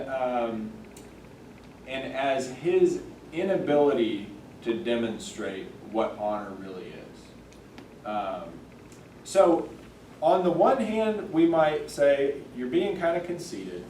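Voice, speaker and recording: A man teaching a church Sunday school class, thoughtful and halting, with many fillers and restarts. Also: mid-range voice, mellow, a little hiss or hum. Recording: echoey room, mic far off.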